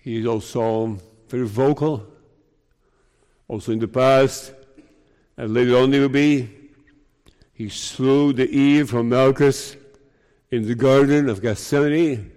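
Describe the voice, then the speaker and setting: Slow-preaching man in a reverberant hall. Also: fairly even intonation, darkish tone, clear, resonant tone. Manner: slow, emphatic, rises in pitch to stress points. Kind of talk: sermon.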